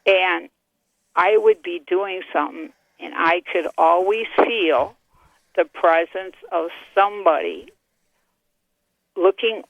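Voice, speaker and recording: Gravelly older woman on a phone line. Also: lowish voice, slow pace, long pauses, no room sound. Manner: chatty, animated storytelling with repeated "I go, he goes". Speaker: caller. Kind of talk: telling a ghost story by phone. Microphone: telephone. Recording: tinny dry phone line.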